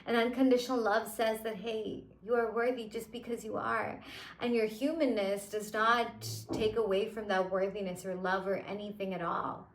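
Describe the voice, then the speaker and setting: A young woman coaching her viewers in an earnest, emphatic way, her talk dotted with "like" and "you know". Her voice sits at an average pitch for a woman. The room around her gives off a noticeable echo. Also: fairly even intonation, moderate pace. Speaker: manifestation coach. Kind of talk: casual motivational monologue.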